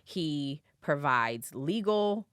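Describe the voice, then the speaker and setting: A woman with a low voice hosts a podcast, giving casual commentary on a trial. She talks it through in a chatty, thinking-aloud way. The sound is close and dry, with no room echo. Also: animated, very slow, a bit bright, clear, resonant tone. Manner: conversational, thinks aloud with fillers. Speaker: podcast host.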